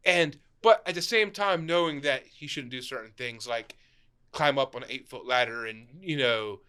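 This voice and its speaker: A young man who owns a shop, telling stories in a casual chat, animated and laughing, tagging his sentences with "right?". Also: mid-range voice, normal speed, clean tone. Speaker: store owner, podcast guest.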